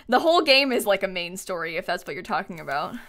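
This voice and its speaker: A woman giving excitable live gaming stream commentary, swinging between panicked shrieks and quiet muttering. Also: lowish voice.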